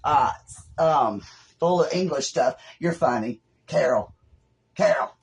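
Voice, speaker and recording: A man's voice: on the high side, lively intonation, slow, creaky, breathy edge. A man with a Southern US accent hosting a live craft tutorial at home, rambling and folksy as he works. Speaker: craft host.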